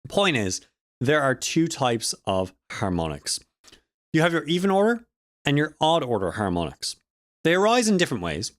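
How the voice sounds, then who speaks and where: A man's voice: medium pitch, no room sound, clean studio sound. A man casually explaining audio harmonics in a vlog, rambling and correcting himself with joking asides. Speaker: audio student vlogger.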